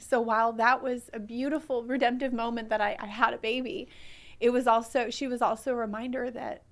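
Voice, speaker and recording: A woman guest on a podcast sharing a personal testimony in an earnest, heartfelt, soft-spoken way. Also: on the high side, steady tone, a little fast.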